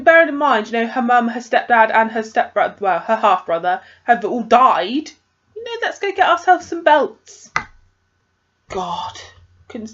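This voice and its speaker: Chatty woman, lo-fi. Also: on the high side. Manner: chatty, exasperated, lots of fillers. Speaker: book vlogger. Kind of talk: casual chat to camera.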